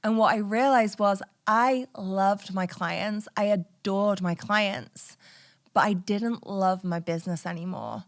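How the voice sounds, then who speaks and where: A woman's voice: mid-range voice, slow. Woman, thirties, podcast host, candid storytelling, frank and chatty, casual swearing.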